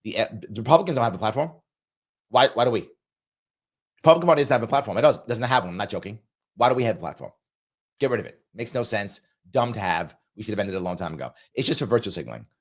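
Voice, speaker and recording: A man's voice: on the low side, expressive, quick pace. A man hosting a political commentary livestream, emphatic and repetitive, reading out viewer super chats while getting over a cold. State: recovering from a cold, coughing.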